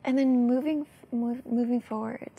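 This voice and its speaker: A woman's voice: on the high side, steady tone, normal speed, husky, muffled recording. A woman hosting an interview, prompting her guest with encouraging questions. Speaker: host.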